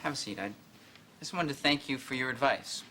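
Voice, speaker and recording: A man's voice: mid-range voice, a little fast, pushed and bright, slight background noise, close to an everyday voice. An actor playing an awkward young male boss who hesitates and stammers earnestly, in a sitcom. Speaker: news director boss. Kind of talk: sitcom acting.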